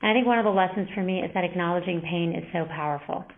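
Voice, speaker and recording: A woman giving an earnest, reflective interview answer, speaking in a measured way. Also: fairly low pitch. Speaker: interview guest. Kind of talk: candid interview talk. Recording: band-limited phone-like sound.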